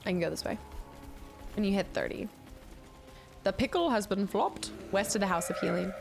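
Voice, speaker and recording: A woman's voice: medium pitch, expressive, moderate pace, creaky, music in the background. A woman in her late twenties chatting casually on a gaming livestream, talking with her chat and laughing often. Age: late 20s. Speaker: streamer.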